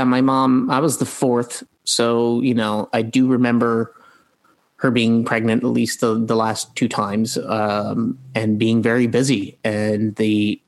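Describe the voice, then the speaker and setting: A man, an actor, answering interview questions casually, halting with many fillers and restarts. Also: medium pitch, low-quality recording.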